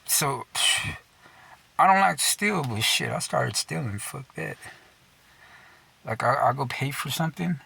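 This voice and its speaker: Man from Texas, young adult, gravelly, sharp and forceful tone, swears a lot, keeps saying dude. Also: medium pitch, expressive, unhurried, long pauses. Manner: laughs at himself mid-sentence. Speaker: storyteller. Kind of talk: casual profane rant.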